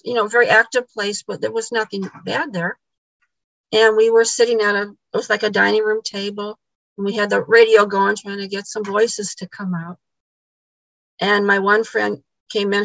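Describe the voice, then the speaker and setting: Gravelly woman telling a ghost story. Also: medium pitch, a bit bright, no echo, low-quality recording. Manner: repeats words, acts out quoted dialogue. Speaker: podcast guest. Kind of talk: storytelling in conversation.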